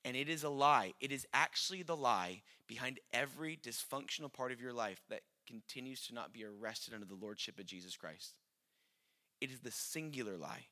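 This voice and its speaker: A man preaching a sermon, passionate and building to shouts before easing into conversational teaching. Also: mid-range voice, expressive, fairly quick. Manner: impassioned, rising to shouts then dropping to conversational teaching.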